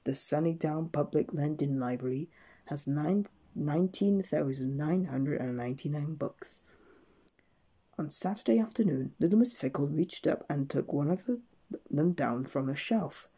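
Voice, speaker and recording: Male storyteller, gentle bedtime reader, warm low tone with a husky edge. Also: lively intonation. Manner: gentle, unhurried storybook reading.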